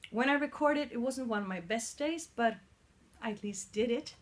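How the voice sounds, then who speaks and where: A woman's voice: on the high side, animated, moderate pace, a little mellow. A woman with a Swedish accent in her forties, explaining her singing progress in a casual vlog recorded on a mobile phone, earnest and sometimes searching for words. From Sweden. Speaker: singer vlogging her vocal training.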